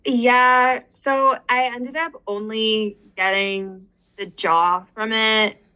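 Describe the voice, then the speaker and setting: A young woman in her twenties talks in an unhurried, easygoing way on a podcast. Her voice is bright and clear, and her sentences wander and trail off, padded with filler words. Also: a little high, fairly even intonation, lo-fi sound. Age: 20s. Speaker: podcast guest. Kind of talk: casual chat.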